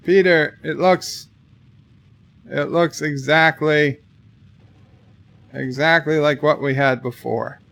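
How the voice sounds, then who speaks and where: A man's voice: fairly high pitch, fairly even intonation, takes it slowly, vocal fry, pauses often, a bit bright. A man hosting a livestream in a casual chat-reading style, reading viewers' messages aloud and answering with dry jokes. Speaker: livestream host.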